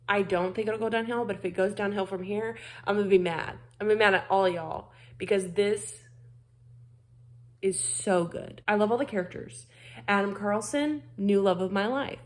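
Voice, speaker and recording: A young woman vlogging about her reading in a gushing, rambling way, cursing freely, restarting sentences and repeating words for emphasis. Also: medium pitch. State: feeling unwell. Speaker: book vlogger. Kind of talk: casual reading vlog. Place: bedroom at home.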